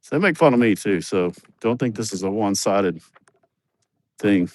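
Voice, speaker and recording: Holding his phone while livestreaming outside at a building site, this host speaks with a fairly low, slightly mellow voice at normal speed, and he's animated. In casual chat he tells profane stories in a joking, blunt way.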